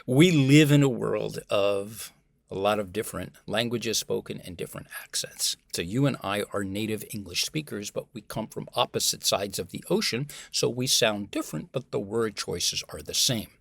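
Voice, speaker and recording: An American man, a communication professor, talking as a guest in a conversational interview, animated and emphatic. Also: on the low side, normal speed, creaky, no room sound. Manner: animated and emphatic, acts out example voices.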